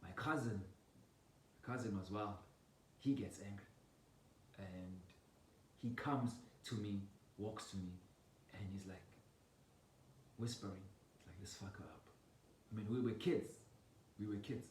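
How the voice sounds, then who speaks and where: A man's voice: measured pace, long pauses. Man telling a family story in an echoey room. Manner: animated, laughs while telling, acts out scenes with sound effects. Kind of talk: casual personal storytelling. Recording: roomy echo, distant mic, low rumble.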